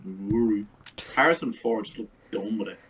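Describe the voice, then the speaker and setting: A man's voice: lowish voice, moderate pace, a bit bright, poor audio. Man, sweary sarcastic podcast chat, faint background noise. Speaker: podcast co-host. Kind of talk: casual film review chat.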